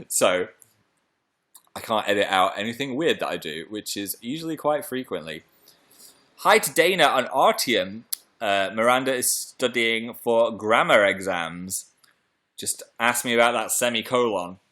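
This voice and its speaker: A man's voice: lowish voice, pushed and bright. A young British man hosting a casual live stream, chatting playfully and reading out viewer comments. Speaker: livestream host.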